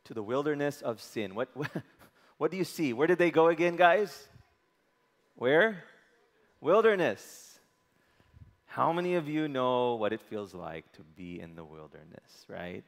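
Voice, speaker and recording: A man's voice: medium pitch, expressive, measured pace. A man preaching a sermon, often asking the congregation questions and waiting for answers. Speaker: pastor. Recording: long hall reverb.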